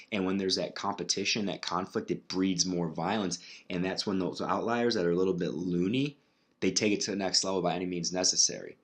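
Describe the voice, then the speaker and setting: Host, male, very low voice; loose swearing solo podcast ramble. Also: fairly bright tone. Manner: rambling, profane, restarts often. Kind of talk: casual solo podcast monologue.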